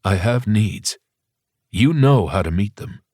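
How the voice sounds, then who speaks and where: Man narrator playing a testy grieving teacher, clipped, demanding, deep voice, dry sound. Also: animated, takes it slowly, darkish tone, breathy edge, no room sound, exaggerated voice. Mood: blunt. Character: tense, erratic grieving male teacher.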